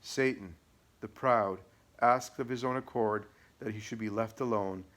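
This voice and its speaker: A man narrating an audiobook in a measured, matter-of-fact way. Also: lowish voice, fairly bright tone. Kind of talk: audiobook reading.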